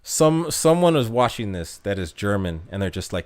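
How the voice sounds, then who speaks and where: A man's voice: on the low side, big pitch swings, moderate pace, darkish tone. A young man streaming a mobile game, chatting casually with his chat and laughing at himself. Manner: chatty, self-mocking, laughs often.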